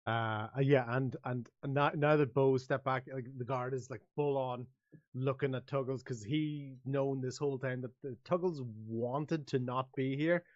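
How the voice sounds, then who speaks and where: A man narrating a tabletop game as its game master, at a middling pitch, with halting delivery and frequent fillers. His voice comes through dull and lo-fi, very dry. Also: steady tone, dry recording. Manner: hesitant, full of fillers.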